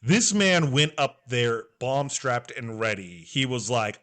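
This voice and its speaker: A young adult man co-hosting a podcast, recapping a story in an animated, emotional way. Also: mid-range voice, slow pace, few pauses. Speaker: podcast co-host.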